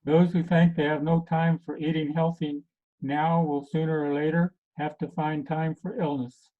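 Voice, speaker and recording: A man acting as a health coach, giving a casual talk to a group and pausing often with many fillers. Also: fairly high pitch, little pitch movement. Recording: tinny phone-like recording.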